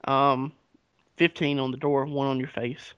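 A man's voice: medium pitch, little pitch movement, unhurried, a bit bright, smooth, no room sound. A man, casually retelling history on a podcast with profanity and acted-out dialogue. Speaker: podcast co-host. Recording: dull lo-fi recording.

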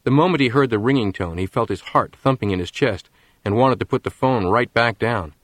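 A man reading a story aloud in scripted narration, with a measured storytelling manner. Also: medium pitch, fairly bright tone, no room sound. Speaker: audiobook narrator.

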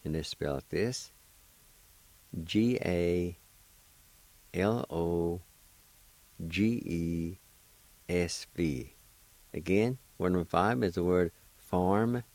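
Low-voiced male radio language teacher from Oklahoma, slow and patient, encouraging, dry close sound. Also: dry recording, rough recording. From Oklahoma, United States. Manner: patient, encouraging, gently joking. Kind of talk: slow spelling and pronunciation lesson.

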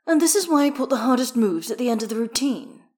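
A woman reading a bossy, sharp-tongued young man. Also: on the high side, animated, fast, pitched above the performer's own voice, lightly acted. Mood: pointed. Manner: crisp, bossy, dry. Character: sharp-tongued young male figure skater.

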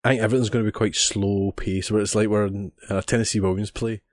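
A man's voice: fairly low pitch, flat delivery, fast, no echo. A man co-hosting a podcast, chatting casually with enthusiasm and repeating words as he thinks. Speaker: podcast co-host. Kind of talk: casual chat.

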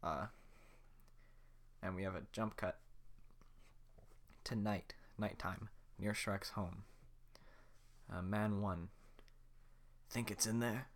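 A man's voice: low voice, steady tone, slow pace, long pauses, a little hiss or hum. A man casually retelling a film scene by scene, rambling and interrupting himself as he narrates. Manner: rambling, self-interrupting with fillers.

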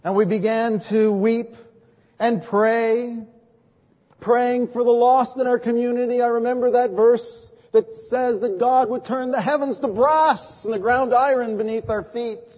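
Male preacher, earnest storyteller, high voice, muffled recording with a long church-hall reverb. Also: fairly even intonation, a little slow. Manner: earnest storytelling, acts out quoted dialogue. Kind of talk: sermon.

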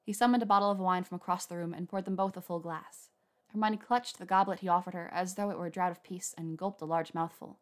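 A woman narrating a story aloud in a measured, even reading. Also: on the low side. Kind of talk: reading fan fiction aloud.

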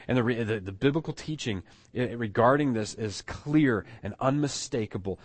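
Emphatic male preacher teaching scripture. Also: mid-range voice. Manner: teaching, emphatic with frequent restarts. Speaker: pastor. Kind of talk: sermon.

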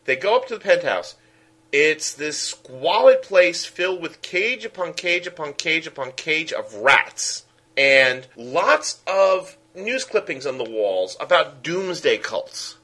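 Animated ranting man with a Brooklyn accent. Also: fairly high pitch, takes it slowly. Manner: animated, ranting, acts out film characters in quotes. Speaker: podcast co-host. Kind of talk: casual film review chat.

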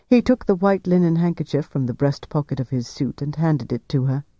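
A man narrating a novel aloud in a measured, even storytelling manner. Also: a little high, no room sound, dull audio. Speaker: audiobook narrator.

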